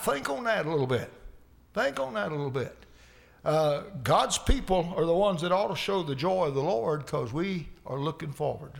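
A man's voice: a little high, vocal fry. A male preacher giving a folksy sermon, repeating lines for emphasis.

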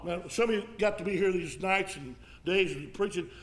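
A man preaching as an evangelist in a folksy style, now and then rising to a shout and coughing. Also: high-pitched, normal speed. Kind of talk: sermon.

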